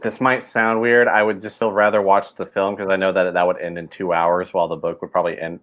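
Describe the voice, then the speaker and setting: A man with a low-set voice chats casually while watching a movie with friends online. He rambles a bit and fills his sentences with "like". The audio is dull and lo-fi, like an online call. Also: little pitch movement, a little fast. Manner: rambling, laid-back, lots of fillers. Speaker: watchalong participant. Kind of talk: casual group chat over a movie.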